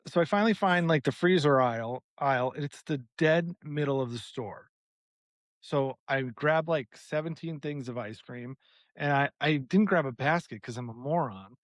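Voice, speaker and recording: A man co-hosting a podcast, telling a long story in a casual, animated way, acting out the people in it and swearing freely. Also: fairly high pitch, normal speed, no echo. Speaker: podcast co-host.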